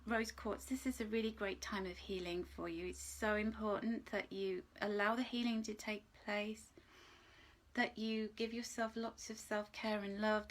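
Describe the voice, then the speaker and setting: In a mid-range voice, a woman conducts a live angel card reading, gentle and comforting throughout. She's emotional, laughs frequently, and now and then lowers her voice to a soft whisper.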